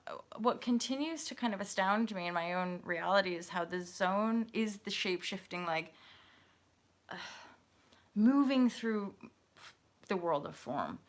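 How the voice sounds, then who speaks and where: A woman's voice: medium pitch, a bit bright. A Canadian woman hosting a casual chat, rambling dreamily about spirituality and life in the UK. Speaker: host.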